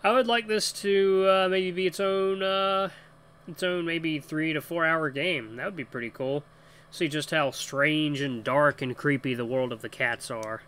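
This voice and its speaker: A man's voice: on the high side, measured pace, sharp tone, smooth. A man hosting a gaming channel, commenting enthusiastically as he plays, rambling with fillers. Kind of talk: let's play commentary.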